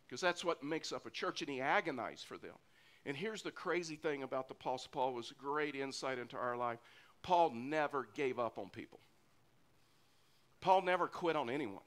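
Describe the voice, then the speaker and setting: A man's voice: a little high, fairly bright tone. A middle-aged man preaching a sermon as pastor, earnest and often repeating phrases for emphasis. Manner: earnest, repeats phrases when stressing a point.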